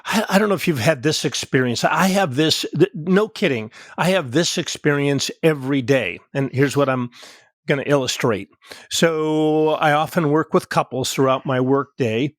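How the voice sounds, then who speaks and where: Higher-voiced man, therapist, dry close sound. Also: normal speed, no echo. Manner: explains with role-play examples from his practice. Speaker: podcast host and therapist. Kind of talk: conversational podcast talk.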